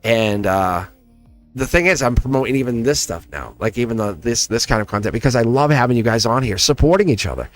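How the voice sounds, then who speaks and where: A man's voice: medium pitch, lively intonation, brisk, faint music behind. A man with a Southern accent, reading tarot on a casual livestream and talking straight to his viewers, laughing often. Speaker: tarot reader.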